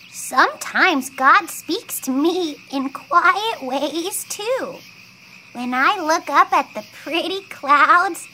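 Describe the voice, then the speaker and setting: A woman doing a bright, squeaky child puppet. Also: slight background noise, full character voice. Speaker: co-host of a children's Bible lesson.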